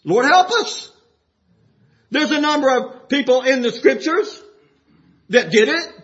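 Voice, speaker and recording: A man preaching a sermon with passion, rising to shouts and dropping low. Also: lively intonation, measured pace, highs cut off.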